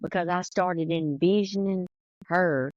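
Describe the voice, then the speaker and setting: A woman's voice: fairly low pitch, a little slow, darkish tone, no echo, highs cut off. A woman with a Southern US accent and a drawl, chatting casually as a podcast co-host and telling stories. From American South. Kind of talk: casual chat.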